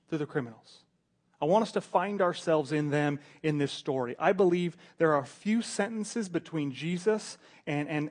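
A man preaching a sermon, earnest, repeating words and swinging between quiet, intimate stretches and loud emphasis. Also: a little high.

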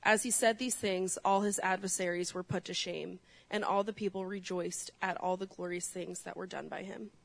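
Woman reading scripture aloud, measured. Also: lowish voice, fairly even intonation, gravelly, low-quality recording. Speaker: scripture reader.

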